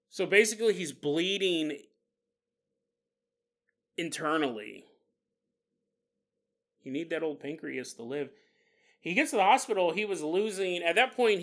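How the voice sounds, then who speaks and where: A man hosting a podcast, his voice sitting a touch high and ringing bright. He tells the story loosely and jokily, laughing at his own asides and slipping into the voices of the people in it. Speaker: podcast host. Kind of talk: casual storytelling monologue.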